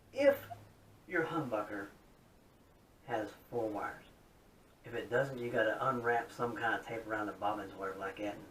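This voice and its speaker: A man in a casual, folksy demo talk, chatty and upbeat as he shows off his modified guitar. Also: fairly bright tone. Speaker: guitar hobbyist showing his modded guitar. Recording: roomy, distant mic with faint rumble.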